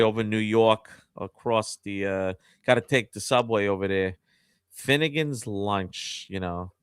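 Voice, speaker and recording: A man's voice: takes it slowly, smooth, no echo. Laughing bearded man, dry close sound. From New Jersey. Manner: laughs often, breaks into falsetto voice bits. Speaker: guest co-host. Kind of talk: casual chat.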